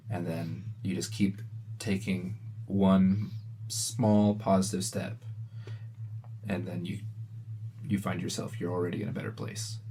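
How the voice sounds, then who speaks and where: A man's voice: sits low, flat delivery, measured pace, gravelly, long pauses, dark tone, a little hiss or hum. A man co-hosting a podcast, reflectively walking through his own inner self-talk in a casual chat. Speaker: podcast co-host.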